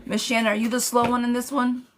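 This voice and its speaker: A woman's voice: on the high side, little pitch movement, fast, a little hiss or hum. A woman giving a live tarot reading, talking bluntly to viewers, swearing freely and calling them sweet pet names. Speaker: tarot reader.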